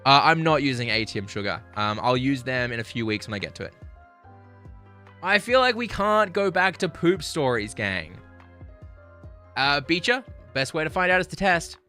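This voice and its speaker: Australian male streamer, bright forceful voice, crude animated storytelling, soft music underneath. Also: medium pitch, normal speed. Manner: animated, crude, self-mocking. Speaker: livestreamer. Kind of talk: casual storytelling to stream chat.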